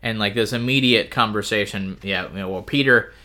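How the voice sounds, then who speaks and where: A man's voice: lowish voice, fairly quick, bright, forceful tone. A man co-hosting a casual book-discussion podcast, talking in a wry, rambling way with plenty of fillers. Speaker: podcast co-host.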